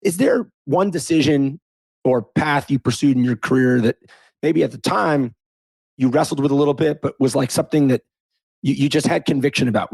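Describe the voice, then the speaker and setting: A man's voice: medium pitch, normal speed, gravelly, a little mellow, breathy edge, no echo, low-quality recording. A man hosting an interview podcast, asking long thoughtful questions and rephrasing as he goes. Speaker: podcast host.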